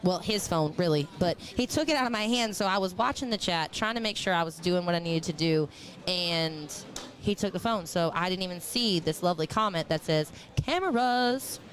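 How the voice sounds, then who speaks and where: A woman's voice: fairly low pitch, expressive. A woman commentating a cornhole livestream in a chatty, rambling, casual way. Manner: chatty, giggly, quick to ramble.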